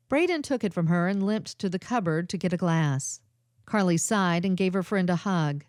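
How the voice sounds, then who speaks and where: An animated woman reading an audiobook aloud, her pitch rising and falling freely. The sound is dry and close, with no room around it. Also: moderate pace, dry recording. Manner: expressive, animated storytelling. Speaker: audiobook narrator. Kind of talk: scripted narration.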